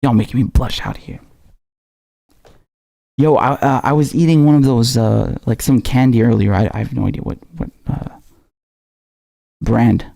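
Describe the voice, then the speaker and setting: A man with a raspy voice hosting a live stream, talking casually and slangily with halting restarts as he reads out viewer messages. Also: medium pitch, warm tone. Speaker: livestream host.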